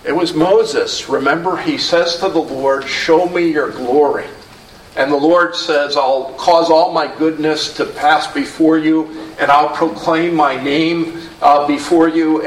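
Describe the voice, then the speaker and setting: Slow, earnest preacher. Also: male voice, a little high. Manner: measured, earnest, asks the congregation questions. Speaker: pastor. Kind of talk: sermon. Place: church sanctuary. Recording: roomy echo, distant mic, faint hum.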